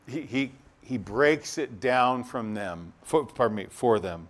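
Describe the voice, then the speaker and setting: A man's voice: mid-range voice, unhurried. A male pastor preaching a sermon, acting out the crowd's voices and laughing as he goes. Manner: animated, acts out voices of the crowd, laughs often.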